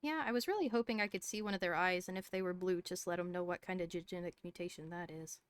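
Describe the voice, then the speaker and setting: Deadpan woman with dry quips. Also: fairly low pitch, fast, clear, resonant tone, no echo. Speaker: roleplay player playing a doctor. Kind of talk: in-character roleplay chat.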